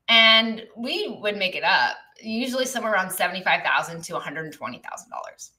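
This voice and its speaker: A woman with a bright, forceful voice coaches her viewers through a live stream. She talks in a loose, conversational way, often tagging lines with "right?" or "okay?", and answers questions from the chat as they come in. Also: medium pitch, expressive, a little fast, hardly any pauses. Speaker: business coach.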